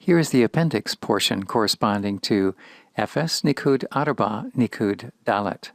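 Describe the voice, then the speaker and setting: A man giving a slow, measured grammar lesson in a recorded lecture. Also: lowish voice, lively intonation, no room sound. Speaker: Hebrew teacher.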